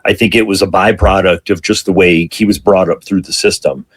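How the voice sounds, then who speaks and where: A middle-aged man, a fire captain, telling stories in a reflective interview answer with frequent pauses. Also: low-pitched, fairly even intonation, husky.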